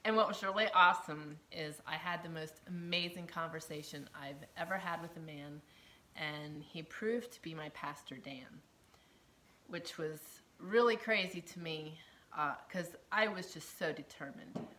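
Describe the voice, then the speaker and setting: A woman earnestly telling a personal story, emotional and often dropping to a hushed near-whisper, with laughs between phrases. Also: deep voice, a little slow, a little hiss or hum. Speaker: storyteller sharing her testimony.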